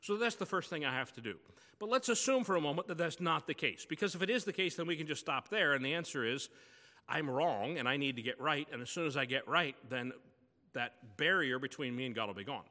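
A man's voice: a little high, animated, fairly quick, bright, forceful tone, long reverb tail. A man preaching a sermon as pastor, telling personal stories in a conversational way.

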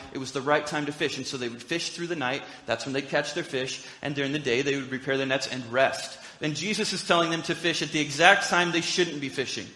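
A man's voice: fairly high pitch, pushed and bright. A man preaching a sermon in a conversational, storytelling way with humorous asides. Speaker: pastor. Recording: echoey hall reverb.

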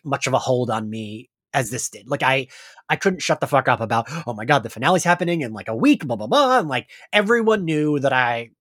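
A man in his thirties hosting a podcast, telling stories in an animated, chatty way, still a little congested from crying. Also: medium pitch, no room sound, studio quality. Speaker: podcast host. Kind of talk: casual chat.

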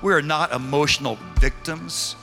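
A male pastor preaching a sermon, leading the congregation in call-and-response, then quiet and earnest in prayer. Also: on the high side, moderate pace, gravelly, over music. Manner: drops to a quiet, intimate prayer tone.

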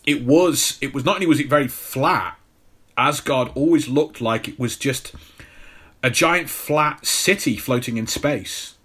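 A man in a relaxed podcast chat who rambles through his points, restarting sentences and dropping in jokes. His voice sits at an ordinary middle pitch. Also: a little slow, breathy edge. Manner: rambling, jokey, many restarts. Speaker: podcast co-host. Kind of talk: casual film chat.

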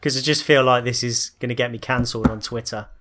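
A man co-hosting a podcast who chats in a relaxed, joking way and runs a quick quiz. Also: medium pitch, crowd noise. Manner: laid-back, joking. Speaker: podcast co-host. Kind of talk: casual chat.

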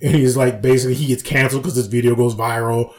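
On a casual podcast, a male co-host talks fast in a medium pitch with fairly even intonation. Retelling comedy sketches, he performs the lines, laughs frequently, and swears without restraint.

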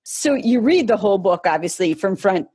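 A woman interviewer asking curious, measured questions. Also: mid-range voice, animated, dark tone, husky, dry recording.

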